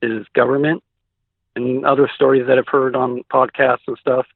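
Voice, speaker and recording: This guest on an interview show has a gravelly, medium-pitched voice, a level tone, and a moderate pace, recorded dry over a tinny phone line. With a Pacific Northwest American accent, he recounts a sighting casually and ramblingly, restarting often and peppering in "like."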